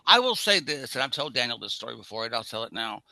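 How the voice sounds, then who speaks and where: A man co-hosting a casual film discussion, telling stories in an animated way and acting out the quotes. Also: medium pitch, fast, vocal fry, no room sound. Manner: animated storyteller, acts out quotes. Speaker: podcast co-host.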